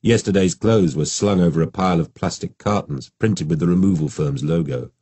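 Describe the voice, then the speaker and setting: Low, husky male audiobook narrator. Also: no echo. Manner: measured, steady storytelling.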